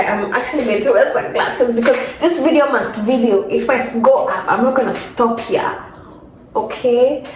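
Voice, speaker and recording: A slightly high, somewhat mellow voice at normal speed belongs to a Kenyan vlogger in her twenties recounting a casual story in her room. Full of fillers and restarts, she's near tears. The rough recording sounds roomy, with slight background noise.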